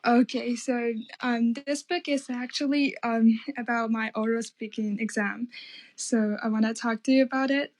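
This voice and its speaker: A student from Shanghai whose first language is Mandarin calls in to chat. Her voice is fairly high but flat in tone. She speaks in a measured way, pausing with ums. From Shanghai, China. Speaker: student caller. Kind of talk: casual chat.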